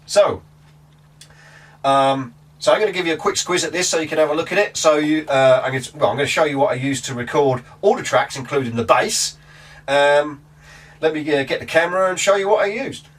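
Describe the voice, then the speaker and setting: A guitar gear vlogger chats casually to camera about guitar amps, rambling, interrupting himself, and restarting his sentences. His voice is on the high side and a little fast, and he sits far from the mic.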